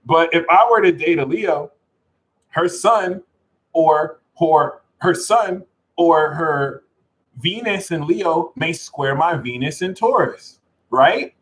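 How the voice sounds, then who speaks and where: A man giving a live astrology talk to his audience in an animated, jokey manner with plenty of swearing. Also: a little high, takes it slowly, low-quality recording. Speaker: astrology reader.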